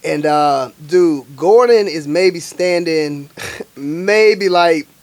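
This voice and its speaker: A young adult man from Alabama, a guest chef telling stories in casual, animated talk full of slang fillers. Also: a little high, very slow. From Montgomery, Alabama, US. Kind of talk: casual storytelling.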